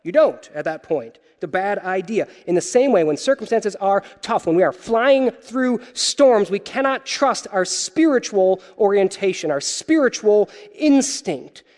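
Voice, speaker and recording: A man preaching a sermon as pastor, animated and wry, with joking asides to the congregation. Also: high-pitched, unhurried, hardly any pauses, long reverb tail.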